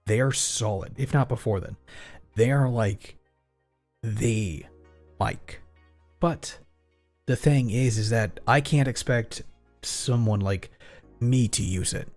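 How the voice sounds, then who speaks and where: A man's voice: mid-range voice, slow, long pauses, a little mellow, soft background music. A man streaming, chatting casually in a rambling, profane way. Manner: rambling, profane, acts out both sides of imagined exchanges.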